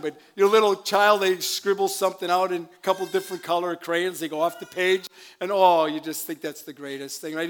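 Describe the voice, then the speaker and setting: A man's voice: fairly high pitch, a bit bright. An older man, a pastor, preaching a sermon in a church, chatty with laughing asides and calls for amen. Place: church sanctuary.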